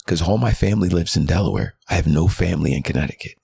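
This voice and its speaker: A man's voice: low voice, expressive, quick pace, gravelly, few pauses, warm tone, slightly rough, dry recording. A man in his thirties, a pastor and podcast guest, telling a personal story in an earnest, heartfelt way. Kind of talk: candid personal testimony.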